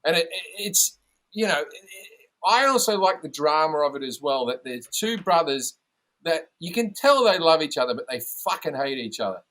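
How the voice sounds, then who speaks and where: Comic guest, man, swearing storyteller, slightly high voice. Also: normal speed, low-quality recording. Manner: storytelling, profane, animated. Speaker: comedian guest. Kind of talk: casual podcast chat.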